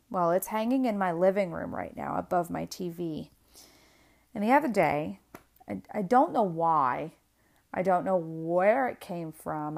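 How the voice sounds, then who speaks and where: Gravelly-voiced young woman telling a raw story. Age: 20s. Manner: candid and animated, rising in pitch and loudness when upset, many restarts. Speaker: single mother sharing a personal story. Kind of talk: emotional personal storytelling to camera.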